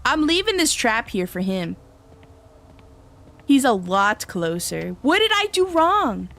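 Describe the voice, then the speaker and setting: Animated high-voiced woman streamer. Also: slow pace, gravelly. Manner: loud animated reactions, frequent swearing; chatty, thanks viewers in passing. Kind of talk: live gameplay commentary.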